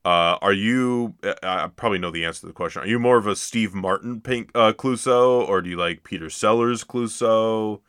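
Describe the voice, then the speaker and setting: A man co-hosting a movie podcast, chatting casually and excitably with frequent laughs. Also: on the low side, moderate pace, hardly any pauses, clear, resonant tone, no echo, clean studio sound. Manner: excitable, laughs often, trails off. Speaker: podcast co-host. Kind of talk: casual chat.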